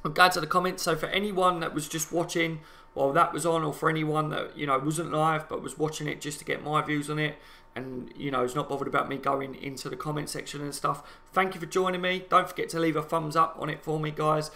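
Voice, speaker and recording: A man with a Liverpool accent hosts a live fan stream, talking to his viewers in a passionate, chatty way. His voice is bright and forceful, sitting slightly high for a man. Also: flat delivery, brisk. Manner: passionate, chatty, talks to viewers as "guys" and "lads".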